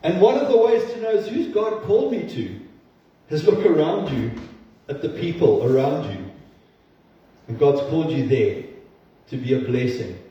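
A man's voice: a little high, animated, normal speed, long pauses, dark tone. Man preaching in an echoey church. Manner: earnest, conversational preaching with self-deprecating asides. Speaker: pastor. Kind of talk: sermon. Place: church sanctuary. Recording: distant, roomy, dull-toned church recording.

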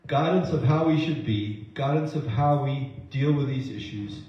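A man preaching a sermon in an earnest way, often repeating words as he goes and acting out quotes with lively voices. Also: mid-range voice, moderate pace, slight background noise. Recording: very echoey, slightly dull sound.

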